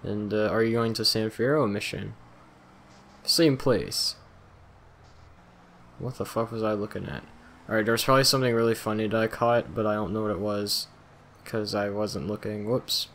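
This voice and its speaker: A man's voice: lowish voice, fairly even intonation, normal speed, pauses often, a bit bright. A man casually commentating a video game let's play, rambling and self-deprecating, swearing now and then, a little yawny. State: yawning, tired. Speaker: gameplay commentator.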